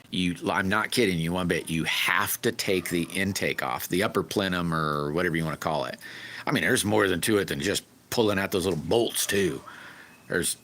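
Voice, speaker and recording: Folksy streamer, very low voice with a forceful bright edge, chatty and rambling. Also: male voice. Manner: rambling, folksy, griping about car repairs. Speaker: livestream host. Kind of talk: casual livestream chat with viewers.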